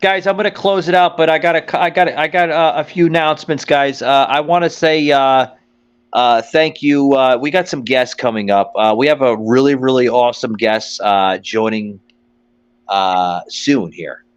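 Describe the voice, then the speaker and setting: A man's voice: mid-range voice, moderate pace, smooth, lo-fi sound. A man hosting a podcast, telling a rambling, profane comic story and quoting people along the way. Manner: profane, rambling, quotes people in put-on voices. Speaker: podcast host. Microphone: phone line.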